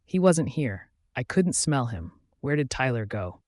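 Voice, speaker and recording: A man's voice: mid-range voice, big pitch swings, measured pace, darkish tone, no room sound, studio quality. A man voicing a distraught young she-wolf woman who pleads tearfully. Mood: despairing.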